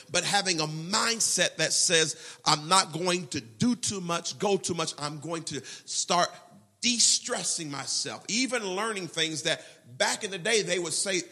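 Pastor animado de voz alta e rouca. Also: male voice, sits high, breathy edge. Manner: animated preaching, quoting prayers and scripture with shifting intensity. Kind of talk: sermon.

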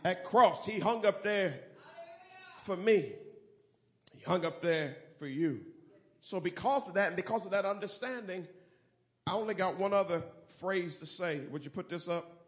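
High-voiced preacher man, shouting call-and-response. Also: normal speed, pauses often. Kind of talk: sermon.

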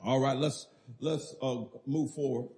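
A man's voice: medium pitch, fairly even intonation, a little slow, warm tone. A man preaching a sermon as pastor, emphatic and calling for responses from the congregation.

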